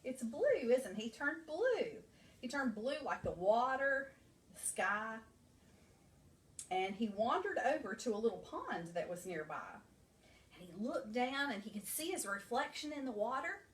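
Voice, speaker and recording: A woman nursery school teacher reading a storybook aloud to young children, animated and asking them questions. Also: on the high side, a little slow. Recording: echoey room, mic far off.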